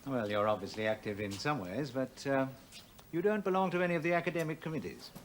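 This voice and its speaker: An actor playing a coolly ironic male university official who questions people in a measured, dry, insinuating manner. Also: mid-range voice, slight background noise, natural voice. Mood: probing. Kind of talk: 1980s television drama.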